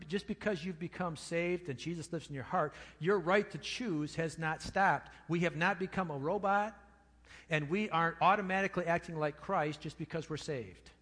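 Male pastor, mid-high voice, emphatic sermon delivery with repeated key words; church sanctuary with reverb. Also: normal speed, a bit bright. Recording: long reverb of a church hall.

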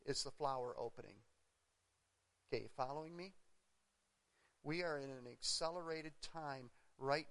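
A man's voice: fairly high pitch, bright, forceful tone. A middle-aged man preaching a sermon as pastor, earnest and emphatic, repeating phrases for stress. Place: church sanctuary. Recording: long reverb of a church hall.

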